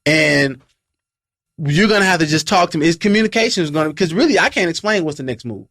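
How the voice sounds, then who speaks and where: A man's voice: a little high, expressive, fast talker, a bit bright, dry recording, studio quality. A man in a casual group discussion, speaking emphatically and repeating phrases for stress. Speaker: discussion panelist.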